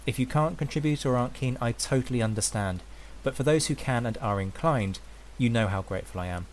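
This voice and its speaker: A man's voice: mid-range voice, a little fast, slight background noise. A man reading a podcast supporter appeal in an earnest, grateful tone. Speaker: podcast host. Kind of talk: read sponsor appeal.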